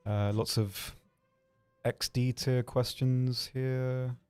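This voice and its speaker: A man hosting a livestream, answering viewer questions in a hesitant, rambling way with dry, deadpan humor. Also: mid-range voice, very slow, clean tone, soft background music. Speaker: livestream host.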